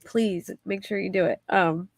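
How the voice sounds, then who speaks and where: A woman's voice: medium pitch, fairly even intonation, unhurried, creaky, dry recording. A woman hosting a casual livestream, chatting in a rambling way and reading viewer comments aloud. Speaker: livestream host.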